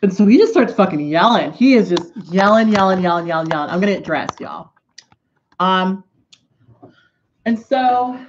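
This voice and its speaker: A woman's voice: mid-range voice, dull audio. A woman vlogger telling a story in a loose, profane, rambling way, breaking into asides while she does her makeup at home. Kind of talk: casual storytime vlog.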